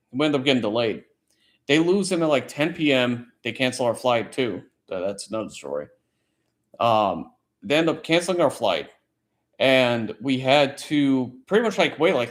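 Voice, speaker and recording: Man, livestream host, casual late-night chat, rambling, swears a lot. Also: mid-range voice. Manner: profane, rambling storyteller. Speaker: military service member.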